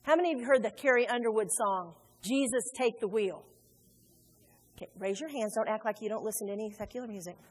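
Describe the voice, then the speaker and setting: A woman preaching a sermon in a church, animated and conversational, joking with her congregation. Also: on the high side, very fast, hardly any pauses, husky. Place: church sanctuary. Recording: long hall reverb.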